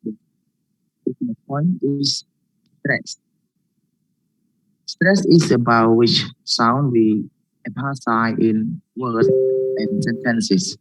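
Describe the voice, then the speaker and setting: A man giving a student presentation on stress, reading slowly and carefully. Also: medium pitch, soft background music, poor audio. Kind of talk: class presentation.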